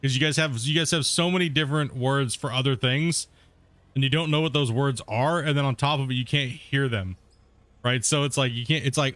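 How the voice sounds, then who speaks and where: A man's voice: medium pitch, brisk, a bit bright, no echo. A man, streaming a game and chatting casually with viewers, rambling and laughing often. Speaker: gaming streamer. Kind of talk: casual let's-play commentary.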